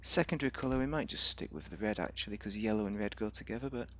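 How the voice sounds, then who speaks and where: A man's voice: lowish voice, expressive, fast talker, fairly bright tone. A man giving rambling, casual commentary on a game, thinking aloud with fillers and restarts. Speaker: game reviewer.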